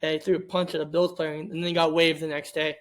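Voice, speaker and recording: A man's voice: a little high, level tone, quick pace. A man co-hosting a podcast, chatting casually and sarcastically about sports. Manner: joking, sarcastic. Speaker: podcast co-host.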